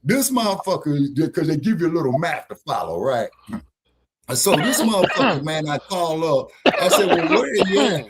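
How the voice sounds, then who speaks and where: A man's voice: fairly high pitch, normal speed, a loud crowd. A man hosting a live online talk show, telling a rambling, profane story and acting out both sides of the arguments. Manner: animated, swearing, acts out both sides of arguments. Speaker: show host.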